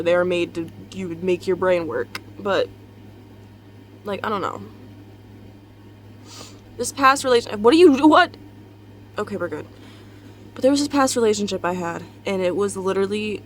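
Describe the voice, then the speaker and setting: A woman's voice: mid-range voice, animated, moderate pace, long pauses, a little hiss or hum. A young woman, tired and just out of bed, rambling candidly in a casual confessional vlog from her bedroom, swearing and laughing often. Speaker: vlogger. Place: bedroom at home.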